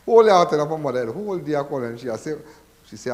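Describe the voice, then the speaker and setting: A man's voice: on the high side, huge pitch swings, a little fast, long pauses, in a large hall. Rambling Trinidadian man hosting call-in show. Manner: rambling, repetitive, preachy. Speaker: call-in crime show host. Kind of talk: live call-in radio talk.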